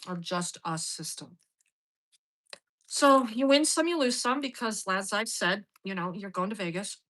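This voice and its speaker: Woman, middle-aged, bright forceful tone, blunt, profane, casual monologue. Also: fairly low pitch, poor audio. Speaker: host.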